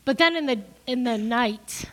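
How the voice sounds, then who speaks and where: A woman's voice: on the high side, moderate pace, fairly bright tone. A middle-aged woman preaching a sermon, crying as she gives an emotional testimony that builds to emphatic peaks.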